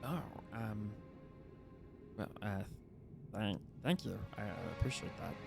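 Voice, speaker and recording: A man voicing an awkward male rock gnome who stammers quietly. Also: on the low side, lively intonation, a little slow, creaky, music in the background, voice pushed down. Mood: sheepish.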